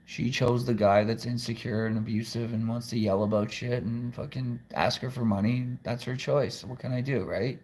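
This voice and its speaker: A man's voice: mid-range voice, steady tone, normal speed, few pauses, darkish tone. A man talking to camera at home in a rambling, profane monologue with many restarts. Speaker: vlogger.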